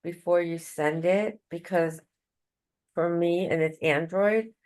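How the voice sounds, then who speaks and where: A woman taking part in an online class, sharing a tip in a careful, halting way over a video call. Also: on the low side, fairly even intonation, a little mellow. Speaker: class participant. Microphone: video call with bad connection.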